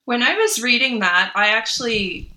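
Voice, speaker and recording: A woman's voice: fairly high pitch, animated, moderate pace, sharp tone. A woman in a book club discussion, speaking earnestly and with enthusiasm. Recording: echoey room.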